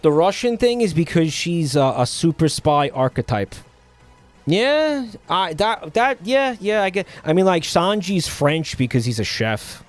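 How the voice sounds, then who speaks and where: A man streaming live and chatting casually, rambling and halting, with many fillers and restarts and an offhand, sardonic tone. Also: a little high, big pitch swings, faint music behind.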